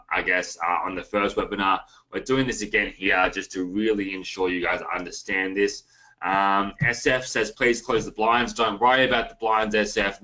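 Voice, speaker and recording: Australian guy hosting a webinar, lowish voice but bright and forceful, keeps saying guys. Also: poor audio. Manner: casual, addresses viewers as guys. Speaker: webinar host. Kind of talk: online marketing webinar.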